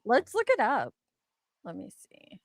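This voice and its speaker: A woman's voice: a little high, wildly swooping pitch, unhurried, gravelly, a crowd in the background. A woman co-hosting a casual chat who reads viewer comments aloud. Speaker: co-host.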